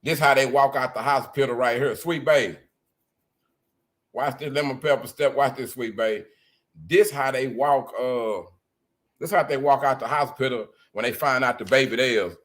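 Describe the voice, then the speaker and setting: A man hosting a live reaction stream, talking loudly and crudely to his viewers in animated banter. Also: medium pitch, normal speed. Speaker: livestream host.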